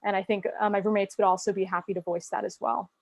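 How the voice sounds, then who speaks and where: A woman's voice: medium pitch, little pitch movement, gravelly, no echo. Young woman giving public comment. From Boston. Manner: earnest, measured complaint with some ums. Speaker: resident speaking at public comment. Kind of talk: public comment at a virtual meeting. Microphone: video call.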